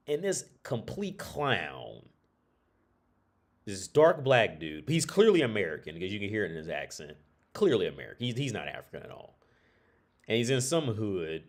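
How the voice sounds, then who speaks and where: A man streaming a casual rant, blunt and profane, rambling with frequent restarts. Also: mid-range voice.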